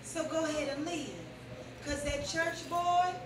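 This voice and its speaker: A woman's voice: high-pitched, fairly even intonation, a little slow, heavy background noise. A woman performing stand-up and a spoken-word poem on a club stage, sassy and playful, leading the crowd. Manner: sassy, playful, leads the crowd in call-and-response. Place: comedy club stage before a live audience. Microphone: handheld stage mic heard from a distance. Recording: echoey club, distant mic, loud crowd.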